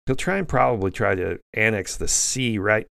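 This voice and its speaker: A man's voice: on the low side, lively intonation, moderate pace, vocal fry, fairly bright tone, clear, resonant tone, dry recording, clean studio sound. A man hosting an opinionated news commentary monologue, blunt and indignant, rambling with frequent restarts. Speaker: host.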